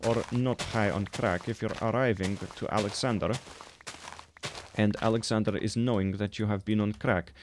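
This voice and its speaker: A man's voice: on the low side, steady tone, moderate pace, background noise, lightly acted. A man voicing an earnest, oversharing friend who pleads in broken English.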